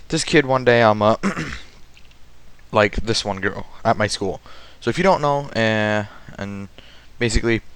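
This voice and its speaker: Young male vlogger, casual storytime, rambling with fillers, smooth voice, dry close sound. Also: lowish voice, a bit bright, no echo. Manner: rambling, many fillers and restarts.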